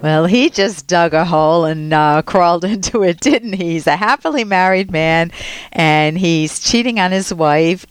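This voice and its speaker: A woman's voice: on the low side, smooth, no room sound. A woman hosting a call-in advice show, coaching a caller directly and acting out examples. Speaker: radio advice show host.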